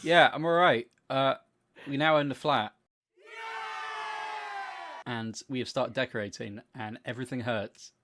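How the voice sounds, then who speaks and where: A young man co-hosting a podcast, telling long animated stories in casual chat, swearing freely and acting out what people said. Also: medium pitch, measured pace, long pauses, crowd noise, noisy background. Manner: animated storytelling, swears freely, acts out quotes. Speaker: podcast co-host.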